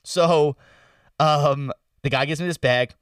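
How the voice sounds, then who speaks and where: A young man with a slightly raised pitch rambles through a story in slang and profanity. He often sinks into low mumbles. The sound is dry and comes from a little way off the mic. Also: slow pace, no room sound, far from the mic. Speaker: podcast co-host telling a story. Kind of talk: casual storytelling chat.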